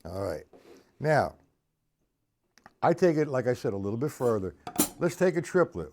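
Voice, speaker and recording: A man's voice: medium pitch, big pitch swings, normal speed, loud music behind the voice. A man teaching drum rudiments on a live stream, counting beats aloud and chatting with viewers in the chat.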